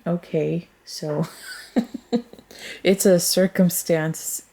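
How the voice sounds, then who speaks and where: This tarot reader's voice is slightly low and mellow with a dark tone, plus a creaky, breathy edge. She takes her time in a drawn-out, unhurried casual reading, rambling through her thoughts aloud and cursing freely in a frank way.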